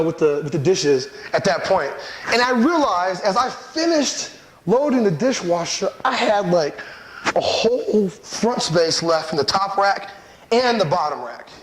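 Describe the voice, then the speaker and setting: A man telling a lively personal story, repeating a running catchphrase for effect. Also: sits high. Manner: animated, repeats a catchphrase for laughs. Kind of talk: storytelling talk. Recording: echoey room.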